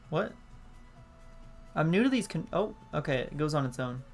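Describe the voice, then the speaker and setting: A man hosting a live gameplay stream, chatty and excitable as he greets viewers. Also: on the high side, moderate pace, long pauses. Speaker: gaming streamer. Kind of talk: live let's-play commentary. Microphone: laptop setup. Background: faint game music.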